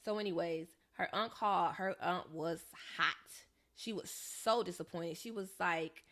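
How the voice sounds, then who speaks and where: A young Southern California woman co-hosts a podcast, telling a story in casual chat and animatedly acting out the voices of people she quotes. Her pitch is fairly low and she's unhurried.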